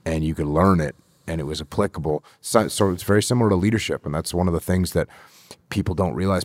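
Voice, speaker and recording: Deep-voiced man, measured and repetitive. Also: no room sound, studio quality. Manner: deliberate, repeats phrases for emphasis. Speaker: guest, leadership instructor. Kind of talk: conversational interview answer.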